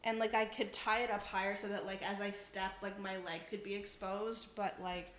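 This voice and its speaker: A woman's voice: mid-range voice, little pitch movement, moderate pace, fairly bright tone, roomy sound, a little hiss or hum. A young woman, chatting casually and giggling as she hosts a cooking livestream from her home kitchen. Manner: chatty and giggly, says "like" a lot. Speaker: livestream host. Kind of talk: casual chat while cooking, reading chat aloud.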